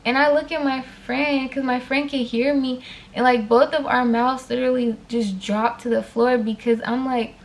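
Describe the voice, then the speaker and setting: A woman telling a personal story to her viewers in a casual storytime vlog, animated, with frequent fillers and direct asides to them. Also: a little high, a little slow, slight background noise.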